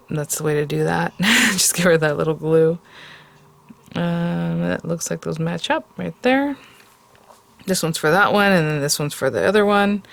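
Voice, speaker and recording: A woman's voice: lowish voice, gravelly. A woman hosting a card-making tutorial, chatty and rambling, with many fillers and self-corrections. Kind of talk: casual crafting tutorial.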